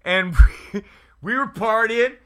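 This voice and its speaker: A man from Canada hosting a radio talk show, loud and excitable, bantering off the cuff and laughing often. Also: high-pitched, slow.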